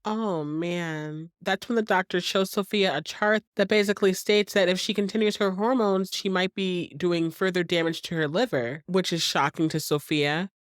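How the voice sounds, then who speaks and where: A woman hosting a podcast, casually recapping a TV episode in an animated way and acting out the characters' lines. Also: lowish voice, moderate pace, few pauses, no room sound, clean studio sound. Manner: animated, acts out characters' lines, laughs often. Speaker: podcast host.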